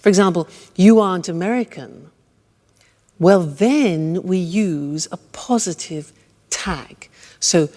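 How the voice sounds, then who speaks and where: A woman teaching English grammar with slow, deliberate explanations, drawing out her example sentences with exaggerated intonation. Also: fairly low pitch, mellow, long reverb tail.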